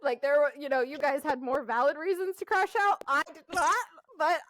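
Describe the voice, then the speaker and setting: A woman with a high voice tells a rambling story in casual podcast chat. She swears freely, laughs often and talks in an animated way. The sound is dry and close. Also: normal speed, no room sound. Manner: animated, profanity-laced storytelling with frequent laughter. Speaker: podcast co-host.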